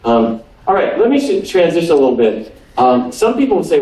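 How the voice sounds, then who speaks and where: A man's voice: on the high side, very animated, fairly quick, warm tone, recorded from a distance. Joking male lecturer in a roomy hall. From North Dakota, US. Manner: jokey, quizzes the audience with questions. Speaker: physician giving a nutrition lecture. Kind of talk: humorous lecture to a live audience. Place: lecture room on a cruise ship.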